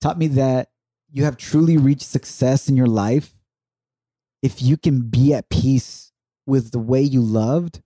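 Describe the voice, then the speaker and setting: Middle-aged male podcast co-host, warm dark tone, earnest and encouraging, dry close mic. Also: medium pitch, takes it slowly, dry recording. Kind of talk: heartfelt conversation with his wife.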